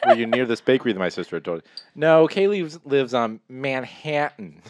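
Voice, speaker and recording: A man's voice: mid-range voice, expressive, a little fast, noisy background. A young man co-hosting a podcast, ribbing the others and steering the talk. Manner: ribbing, bossy about sound. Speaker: podcast co-host. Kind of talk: casual chat.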